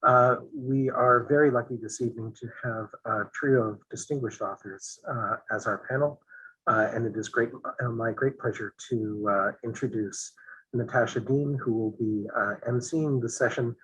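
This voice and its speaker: A male event host giving a formal land acknowledgement and introduction, speaking haltingly with frequent pauses. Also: mid-range voice, fairly even intonation, fairly bright tone, breathy edge, rough recording.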